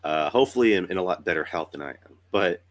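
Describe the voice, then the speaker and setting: Deep-voiced sick young man hosting a podcast. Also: animated, fast. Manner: loose, rambling, swears casually. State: sick with a cold, rough voice. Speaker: podcast host. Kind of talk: casual chat.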